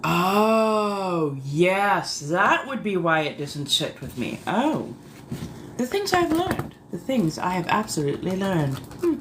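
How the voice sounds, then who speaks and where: A woman streamer chatting live in a put-on old colonial accent that mixes English, Scottish and Irish tones. She speaks in a genteel, theatrical way and answers her chat with drawn-out exclamations. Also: on the low side, very animated, a bit bright, a little hiss or hum. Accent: put-on old colonial mix of English, Scottish and Irish. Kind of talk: casual live chat in a vampire persona.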